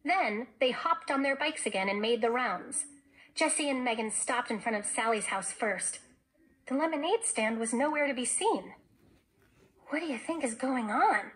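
A woman teacher reads a children's novel aloud to her class. Her delivery is expressive, and her voice sits fairly high. She tells the story like a storyteller, shaping each line. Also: moderate pace, low-quality recording.

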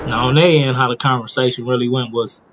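Man narrating his own game-made crime movie, slangy and profane, mid-pitched voice. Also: steady tone, quick pace, noisy background. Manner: slangy, profane, keeps asking the listener. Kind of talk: casual street storytelling.

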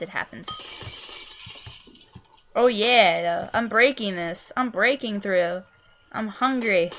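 A young woman commentating her own gameplay, goofy and excitable, yelping and squealing at what happens on screen. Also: mid-range voice, slight background noise. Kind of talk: let's play commentary.

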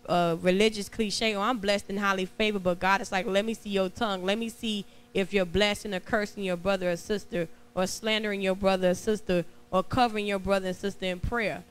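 A woman speaks up in church to share her story, her voice smooth and clear. She keeps it casual and chatty, as if talking with friends. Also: medium pitch, a bit bright. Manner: casual, conversational, with light laughter. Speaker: congregation member. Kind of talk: sharing a testimony in church.

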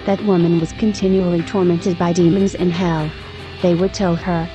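A woman's voice: fairly low pitch, flat delivery, moderate pace, muffled recording, music in the background. A woman narrating a religious testimony in earnest, exhorting tones.

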